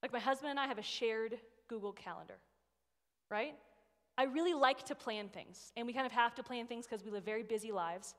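This guest preacher, a woman in her thirties, talks a little fast in a slightly high, somewhat bright voice. Her sermon is chatty storytelling punctuated by "right?", recorded in a church sanctuary with long hall reverb.

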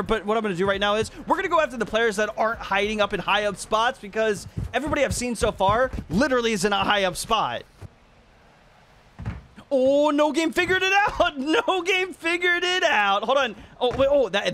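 A man giving excited, laughing commentary over his own gameplay as a video host, jumping between shouting and muttering. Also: high-pitched, a little hiss or hum. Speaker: gaming YouTuber.

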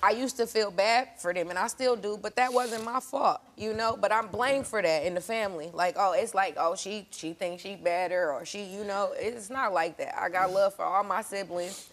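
A woman's voice: medium pitch, moderate pace, few pauses. A woman, a talk show guest speaking in an earnest, hurt way. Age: 20s. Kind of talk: emotional talk show confession.

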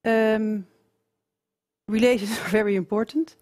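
A woman summarizing a webinar lesson, hesitant with many pauses and ums. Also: a little high, steady tone, a little mellow. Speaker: co-presenter of a webinar.

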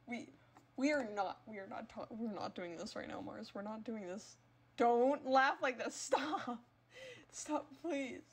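Woman gaming streamer; higher voice, unhurried delivery, playful teasing with melodramatic squeals. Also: a little hiss or hum. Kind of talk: live gameplay stream chatter.

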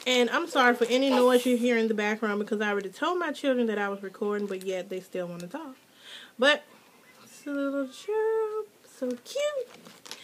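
A mother filming a casual unboxing vlog at home, gushing and excitable, her voice jumping to squeals when she is thrilled. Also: fairly high pitch, fast, slight background noise. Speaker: mother and hobby vlogger. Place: home with children nearby.

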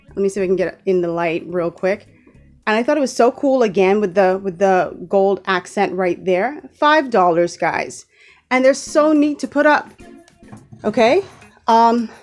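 A woman from the Bahamas giving a casual, chatty tour of her bedroom, often stopping to correct herself and teasing playfully. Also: mid-range voice. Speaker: vlogger. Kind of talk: casual room tour vlog.

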